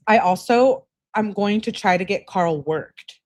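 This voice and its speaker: A woman's voice: mid-range voice, unhurried, a little mellow. A woman hosting a true crime channel, reading text messages aloud to her viewers and adding casual, chatty commentary.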